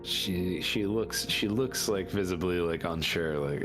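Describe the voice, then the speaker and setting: A man with an extremely deep voice narrates a tabletop game as game master. He talks slowly, stopping and restarting as he describes the scene. Music plays softly behind him. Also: steady tone. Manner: halting, with many fillers and restarts.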